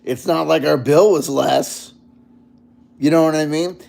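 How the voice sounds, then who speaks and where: A man vlogging in casual chat, rambling and animated, full of fillers. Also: on the high side, a little slow, creaky.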